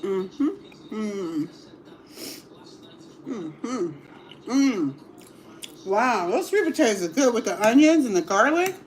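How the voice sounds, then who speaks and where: A woman's voice: on the high side, very animated, takes it slowly, long pauses, a little hiss or hum. A middle-aged woman chatting casually to her livestream viewers while eating dinner at home, laughing often and murmuring as she tastes the food. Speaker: livestream cooking host. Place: home dining table.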